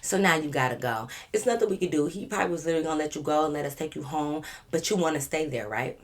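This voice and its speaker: Storyteller: a low-pitched woman, playful and slangy, chatting straight to her viewers. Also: quick pace. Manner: playful, animated, slangy, acts out quotes. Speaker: storytime vlogger.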